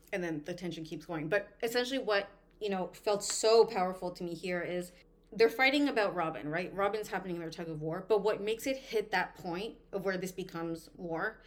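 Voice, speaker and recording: A woman's voice: lowish voice, normal speed. A woman co-hosting a book discussion podcast, talking casually with frequent "like"s and reading passages aloud. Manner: animated, uses "like" often, reads passages aloud. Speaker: podcast co-host.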